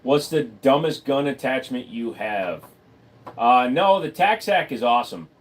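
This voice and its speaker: A man hosting a casual livestream from a room at home, answering viewers' questions with blunt, deadpan, crude humor. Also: mid-range voice, unhurried. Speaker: livestream host. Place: room at home full of computer gear.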